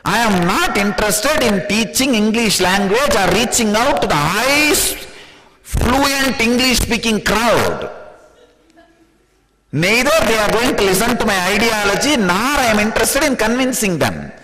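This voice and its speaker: Playful Indian-accented man, high lively voice. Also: unhurried, long reverb tail, crowd noise, rough recording. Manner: playful, laughs often. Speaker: spiritual teacher. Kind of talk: spiritual discourse.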